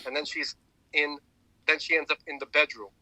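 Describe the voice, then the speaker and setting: A man's voice: a little high, fairly even intonation, fairly quick, bright, forceful tone, no echo, poor audio. A man on a podcast, casually retelling a story with lots of fillers and restarts. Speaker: podcast co-host. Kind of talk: casual chat.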